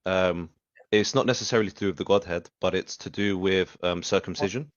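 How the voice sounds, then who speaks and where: A man's voice: low-pitched, steady tone, a little fast, no echo, highs cut off. A man calling in to ask a question, hesitant and polite, with many fillers. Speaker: caller. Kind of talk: call-in question.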